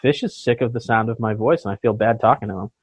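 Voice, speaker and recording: A man's voice: mid-range voice, quick pace, slightly rough, no echo. A man hosting a podcast in casual chat, joking and laughing often. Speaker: podcast host. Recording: dull lo-fi podcast audio.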